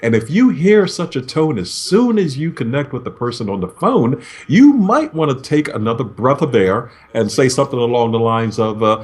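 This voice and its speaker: A man talking over a video call as a negotiation expert, his pitch rising and falling a lot as he explains. He speaks in a measured way and acts out little sample greetings. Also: sing-song, a little mellow.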